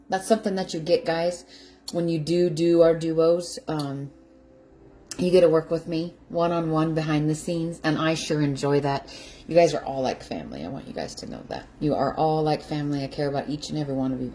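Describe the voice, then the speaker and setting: Middle-aged woman, low mellow voice, effusive and teary live-stream host in a home kitchen. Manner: warm, effusive, greets viewers by name. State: teary-eyed. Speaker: keto lifestyle livestream host. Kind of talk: casual livestream chat.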